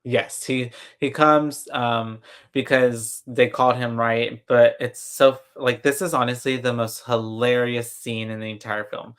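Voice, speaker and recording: Man podcast co-host, rambling, filler-heavy movie recap, video call, mid-pitched. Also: fairly even intonation, unhurried, fairly bright tone, clear, resonant tone. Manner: rambling, many fillers and restarts. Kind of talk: casual horror movie recap chat.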